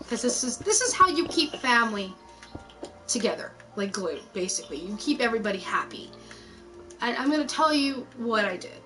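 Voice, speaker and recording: A woman's voice: a little high, poor audio. A woman rambling through a personal story in casual chat, swearing freely and acting out what people said. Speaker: YouTube host.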